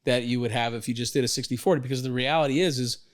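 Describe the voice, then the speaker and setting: A middle-aged man hosting a podcast, telling stories in a lively, rambling way, often restarting his sentences. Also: medium pitch, very fast. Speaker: podcast host, financial advisor. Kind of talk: casual storytelling conversation.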